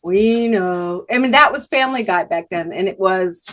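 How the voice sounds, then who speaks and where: A woman who grew up in Massachusetts, hosting a casual chat, laughing often and chiming in with quick agreement. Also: mid-range voice, animated, a bit bright. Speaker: podcast host.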